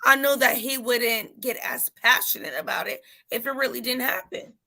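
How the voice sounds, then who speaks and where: A mother in casual chat, telling an animated story and acting out her son's voice. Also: on the high side, normal speed, gravelly.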